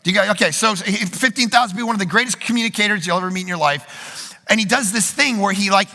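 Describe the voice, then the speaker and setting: A man preaching at a conference in a large hall, telling quick, joking, self-deprecating stories. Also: high voice, vocal fry, sharp tone. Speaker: pastor. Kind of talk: conference sermon. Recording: long hall reverb.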